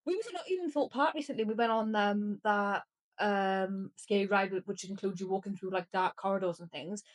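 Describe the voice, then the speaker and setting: A woman co-hosting a casual podcast chat, telling stories with animated laughter. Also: mid-range voice, brisk. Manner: animated storytelling, laughs often. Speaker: podcast co-host.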